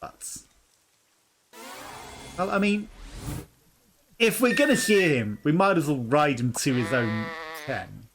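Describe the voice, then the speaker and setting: A man's voice: a little high, lively intonation, takes it slowly, pauses often, background noise. A young man hosting a let's play, chatting casually, laughing and reading game dialogue aloud. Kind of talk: casual gameplay commentary. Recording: game music behind.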